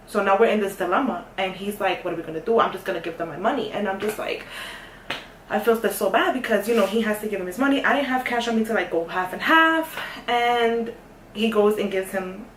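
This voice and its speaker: A young woman telling a story in a casual, sassy way, dropping to a hush and then getting loud. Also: mid-range voice, distant mic, a little hiss or hum. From New York. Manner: animated, sassy, swings from hushed to loud. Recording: echoey room, voice off-mic.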